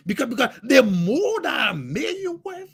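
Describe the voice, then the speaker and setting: A man preaching on a livestream as a motivational speaker, fervent, repeating words and bursting into shouts. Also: extremely high pitch, sing-song, normal speed, vocal fry, husky.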